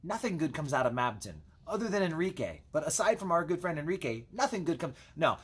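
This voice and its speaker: A man's voice: on the high side, sing-song, a little fast, slightly rough. A man as a pastor, giving a casual Bible devotional with chatty asides while he reads scripture.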